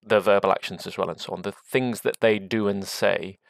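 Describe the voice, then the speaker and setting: A man's voice: on the low side, fairly even intonation, fairly quick, vocal fry, no room sound. A man hosting a casual podcast chat, thoughtful and searching for his words as he poses questions.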